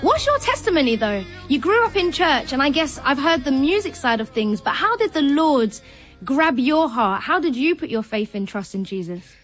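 A woman's voice: high-pitched, big pitch swings, normal speed, faint music behind. A woman hosting, asking a guest about his faith in an encouraging way. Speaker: host. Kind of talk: interview questions.

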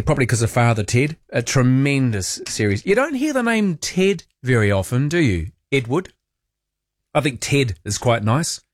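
A playful, chatty male radio host taking calls from listeners. He talks at an everyday pitch, jokes freely, and sounds close and dry on a studio mic. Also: no room sound. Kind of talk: casual chat with callers. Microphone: studio microphone.

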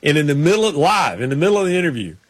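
A man's voice: a little high, sing-song, racing, slightly rough, no echo. A man hosting a casual chat, telling rambling stories with many restarts. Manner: rambling storyteller, frequent restarts. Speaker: podcast host.

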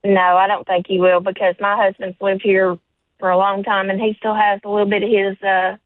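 A woman's voice: mid-range voice, completely flat delivery, brisk, no echo. A woman with a Southern US accent calling in to a radio show, friendly and chatty. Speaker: caller. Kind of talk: phone call to a radio show. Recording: tinny phone line.

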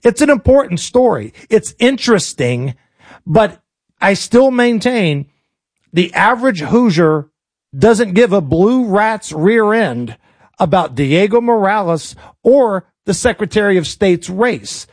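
Casting: high-pitched man hosting opinionated talk radio, sarcastic and jokey, dry studio sound. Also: big pitch swings, slow, darkish tone, no room sound. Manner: sarcastic, colloquial, jokey rants. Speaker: radio talk show host.

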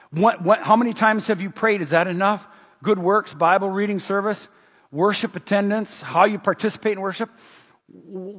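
A man's voice: high-pitched, fairly bright tone, husky. A middle-aged male pastor preaching a sermon, telling a story earnestly and asking the congregation questions. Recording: dull, long-reverb hall sound.

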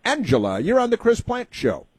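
A man's voice: high voice, wildly swooping pitch, normal speed, a little mellow, husky, no room sound. A man hosting a talk radio show, delivering sarcastic, mocking commentary full of "uh" fillers.

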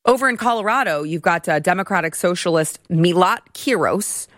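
A woman's voice: on the low side, lively intonation, a bit bright, no room sound, clean studio sound. A young woman hosting a political talk show, giving a brash, sarcastic, opinionated monologue. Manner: brash, sarcastic, rapid-fire.

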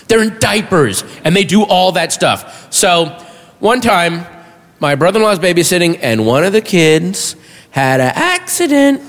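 A man doing stand-up, telling a self-mocking story and shouting his punchlines. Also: on the high side. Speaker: stand-up comedian. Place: comedy stage before a live audience. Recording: reverberant hall with audience murmur.

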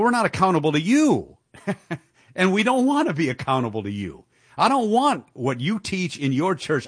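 A man's voice: mid-range voice, dry recording, studio quality. A man hosting a talk radio show, giving indignant, emphatic political commentary with the odd chuckle.

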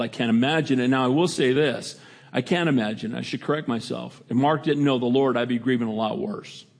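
A middle-aged man preaching a sermon in a conversational way, rising to emphatic lines and dropping to quiet reflection. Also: medium pitch. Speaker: pastor.

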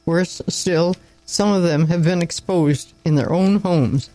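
A man reading the lines of a weary, contemptuous young country doctor who speaks in sharp, clipped phrases. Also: a little high, takes it slowly.

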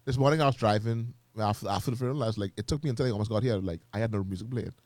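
A man co-hosting a casual faith radio show, animated and quick to laugh. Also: lowish voice, no echo. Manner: animated storytelling, laughs often. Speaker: radio co-host.

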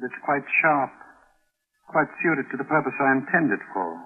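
An actor in old-time radio drama playing a cold, menacing stepfather who speaks with calm menace. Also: mid-range voice, moderate pace, close to an everyday voice. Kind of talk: 1940s radio acting. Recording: tinny old radio broadcast.

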